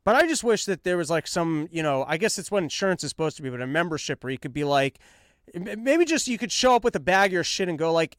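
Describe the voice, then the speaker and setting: A man with a high, smooth voice riffs alone on his comedy podcast, rambling and self-mocking as he jumps in and out of mock dialogue. The sound is dry and close, with no room around him. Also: very animated, fast, no room sound. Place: his apartment.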